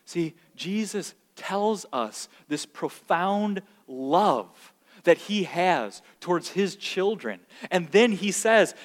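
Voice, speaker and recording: A man preaching a sermon as pastor, animated, sometimes acting out the voices of complaining children. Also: sits high, slow. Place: church sanctuary. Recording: long reverb of a large hall.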